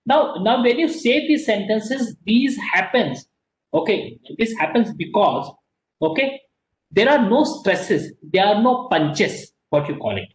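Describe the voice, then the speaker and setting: A man's voice: high-pitched, very animated, measured pace, roomy sound, low-quality recording. A man with an Indian accent giving a classroom lecture, repeating himself and often asking "okay?", switching between English and Hindi. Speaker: teacher.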